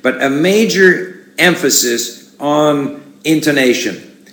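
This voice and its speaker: A man answering audience questions in a relaxed, rambling way, with frequent restarts and fillers. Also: fairly high pitch, takes it slowly, echoey room. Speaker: conference speaker answering questions. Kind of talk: casual spoken talk with audience questions.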